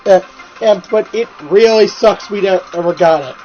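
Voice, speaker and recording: A man's voice: sits high, moderate pace, darkish tone. A man with a stuffy nose and sore throat, sounding nasal, chatting casually as a video co-host and rambling with many restarts and fillers. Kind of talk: casual chat. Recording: slightly dull recording with faint music.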